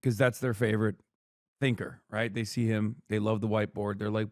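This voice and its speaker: A man in his thirties doing casual political commentary as a streamer, sarcastic and quick to swear, rattling through headlines. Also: lowish voice, fairly even intonation, no echo, clean studio sound.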